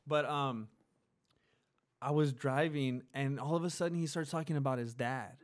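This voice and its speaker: A man co-hosting a podcast, telling a story in casual chat and acting out the people he quotes. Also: moderate pace. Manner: animated storyteller, acts out quotes in a high voice; laughs often while telling. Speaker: podcast co-host.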